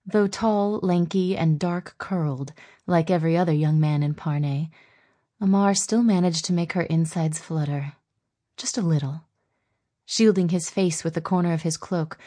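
A woman reading a novel aloud as an audiobook narrator, in a measured storytelling manner. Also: on the low side, a little mellow. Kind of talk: scripted narration.

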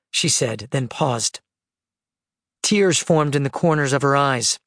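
A man's voice: medium pitch, slow, long pauses, a bit bright, no room sound. Dry, close male audiobook narrator. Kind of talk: scripted narration.

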